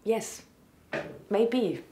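A woman's voice: mid-range voice, expressive, warm tone, a little hiss or hum. An actress with an Austrian accent playing an awkward, confused young woman who hesitates and stumbles over her words in a sitcom. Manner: hesitant, halting and self-conscious. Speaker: aspiring comedian. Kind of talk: sitcom acting.

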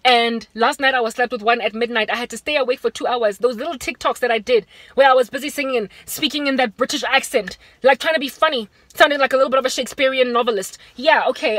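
A South African woman giving a fervent, preaching vlog monologue from inside a car, moving between urgent raised warnings and hushed appeals. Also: a little high, quick pace, no echo. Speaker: Christian vlogger.

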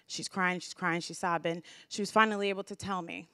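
A woman's voice: fairly low pitch, steady tone, fast talker, hardly any pauses, fairly bright tone, clear, resonant tone, dry recording, clean studio sound. Grateful woman giving a heartfelt speech. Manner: emotional, grateful, with many restarts. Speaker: community speaker. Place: community event hall.

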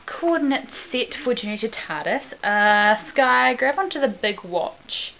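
A woman's voice: fairly high pitch, animated, a little slow, creaky, sharp tone, voice pushed up, heavily acted, poor audio. A woman voicing a brash, cheerful male time-travelling captain in a dramatic reading of fan fiction, with an eager, slightly raised voice. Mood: excited.

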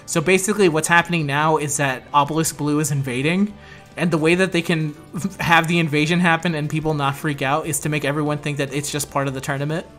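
Joking, swearing man with a high voice. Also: steady tone, quick pace, fairly bright tone, faint music behind. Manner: laughing, joking and swearing while reading along. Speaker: host reading and reacting to a card game story. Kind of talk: casual gaming commentary.

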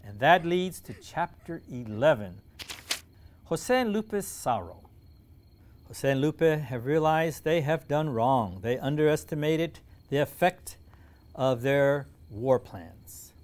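A man reading a children's storybook aloud, animated, with dramatic pauses. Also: a little high.

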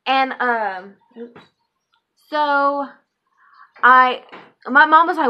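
A young woman in her twenties tells a story straight to camera, with lots of fillers and swearing. Her voice sits fairly high for a woman. The recording is dull and lo-fi. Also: slow pace, long pauses. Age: 20s. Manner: chatty, profane, filler-heavy. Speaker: vlogger. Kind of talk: casual storytime vlog.

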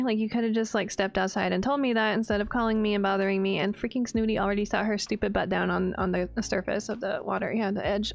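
A young woman with a slightly high voice talks through a game in a loose, chatty way. She is sarcastic and self-deprecating and laughs often. Soft music plays faintly behind her. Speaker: gaming video creator. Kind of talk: casual gameplay commentary.

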